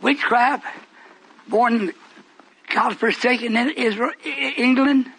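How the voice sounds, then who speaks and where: A male preacher delivering a fiery sermon, swinging from low murmurs to high shouted preaching. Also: measured pace, vocal fry, breathy edge, poor audio.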